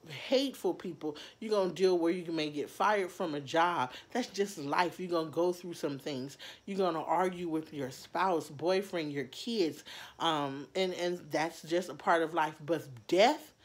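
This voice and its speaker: A woman vlogger talking personally to her viewers in an earnest, heartfelt way, halting often with fillers and restarts. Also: low voice. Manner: heartfelt, speaks straight to viewers. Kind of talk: personal talk to camera.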